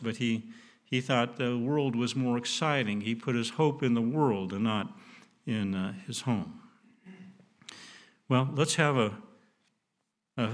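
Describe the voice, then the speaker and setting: A middle-aged man preaching in a plain, mid-pitched voice. He speaks in an earnest, folksy way, restarting phrases as he builds toward a point. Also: fairly bright tone. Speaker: pastor. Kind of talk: sermon.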